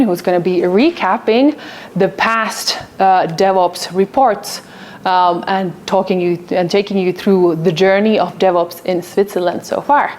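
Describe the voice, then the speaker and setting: A woman moderating a live event, announcing the schedule and introducing the first speaker in an upbeat way with many fillers. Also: medium pitch.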